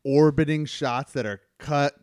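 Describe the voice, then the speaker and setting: A man co-hosting a podcast in casual chat, animated and jokey, swearing freely. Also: a little high, a little slow, clean tone, no echo, clean studio sound. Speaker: podcast co-host.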